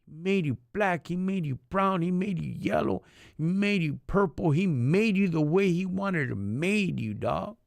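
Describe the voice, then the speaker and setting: On a live stream, a man delivers an impassioned, preachy faith talk in street slang, sprinkling in Spanish words and calling listeners homie and dog. His voice sits high and is expressive, unhurried, and creaky, with no room sound.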